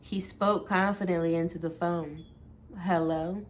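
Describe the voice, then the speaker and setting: A woman reading a first-person memoir aloud for her book channel, steady and unhurried. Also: fairly low pitch. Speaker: booktuber.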